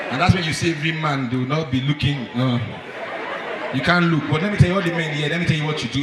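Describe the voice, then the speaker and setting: A man doing stand-up, telling a story in an animated way and speaking straight to the men in the audience. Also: a little high. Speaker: stand-up comedian. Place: comedy club stage. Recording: echoey live club, from far off, crowd.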